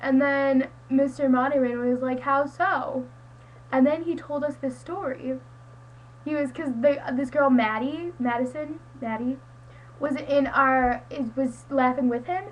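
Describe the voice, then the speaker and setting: A woman's voice: high-pitched, fairly even intonation, a little slow, low-quality recording. A teenage girl chatting casually to a friend on her webcam, rambling with lots of "like" and "um". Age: teens. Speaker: student vlogger. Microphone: webcam mic.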